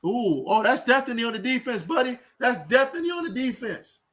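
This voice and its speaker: A man calling a football game play by play on his own livestream, excitable and chatty with his viewers. His voice sits very high for a man. He talks into a home streaming mic. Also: fast. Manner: excitable, talks to viewers, reads out chat comments. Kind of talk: live play-by-play commentary.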